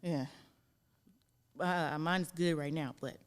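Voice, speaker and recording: Frank, exasperated woman with a lowish voice. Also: fairly even intonation, slow pace. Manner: frank and exasperated, swears freely. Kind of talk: casual chat.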